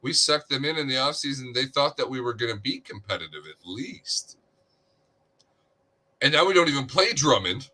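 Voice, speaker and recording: A man's voice: medium pitch, expressive, normal speed, bright, forceful tone. A man co-hosting a casual sports podcast, speaking with sardonic, wry humor. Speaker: podcast co-host.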